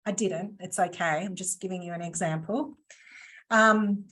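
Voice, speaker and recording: A woman's voice: fairly low pitch, a little slow, a bit bright. A woman presenting a live online training session over a video call, chatty and playful with teasing asides. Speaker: workshop presenter.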